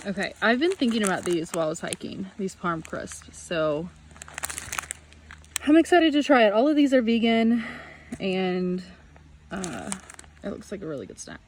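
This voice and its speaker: This solo hiker vlogs casually from a trail on a handheld camera, winded but talkative, drifting from topic to topic and quick to break into laughter. She speaks at a medium pitch with lots of animation, over slight background noise in poor-quality audio.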